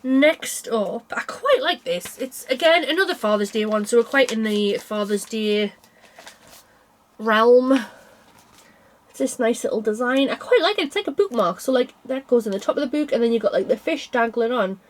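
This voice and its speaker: A woman's voice: on the high side, moderate pace. Tired chatty woman. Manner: rambling, chatty, frequent yawns and laughs. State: tired, yawning. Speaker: cross stitch vlogger. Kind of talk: casual chat.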